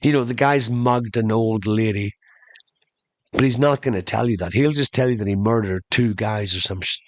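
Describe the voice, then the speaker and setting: A man hosting a podcast, telling a funny story in an animated way and slowing down for emphasis. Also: fairly low pitch, dry recording. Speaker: podcast host. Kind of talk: comedic storytelling monologue.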